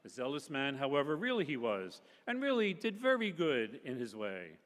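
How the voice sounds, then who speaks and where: A man reading a novel aloud at a public literary festival, expressive and characterful, shifting his voice between narration and the people in the story. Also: medium pitch, moderate pace, long reverb tail, a little hiss or hum.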